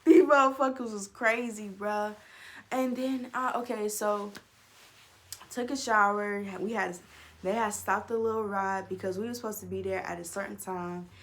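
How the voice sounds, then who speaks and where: A young adult woman telling a storytime on her vlog, animated and profane, swinging between loud outbursts and low mutters. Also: moderate pace. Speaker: vlogger. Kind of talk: casual storytime.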